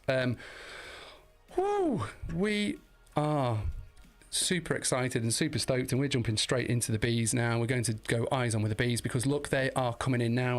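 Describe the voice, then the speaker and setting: A man giving live commentary on a virtual cycling race, chatty and talking to viewers in the chat, climbing into excited shouts in the sprints. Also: medium pitch.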